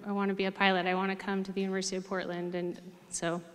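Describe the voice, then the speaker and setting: Animated woman telling stories in a hall. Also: mid-range voice, rapid-fire. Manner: animated storyteller, many fillers. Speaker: hall of fame inductee, former player. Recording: reverberant hall.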